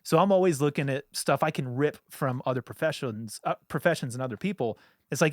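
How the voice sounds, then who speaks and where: A man's voice: medium pitch, lively intonation, dry recording. A man co-hosting a studio podcast, talking in a loose, casual way with lots of fillers and the odd curse. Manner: loose, swearing, lots of filler words and quick asides. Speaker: podcast co-host. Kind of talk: casual chat.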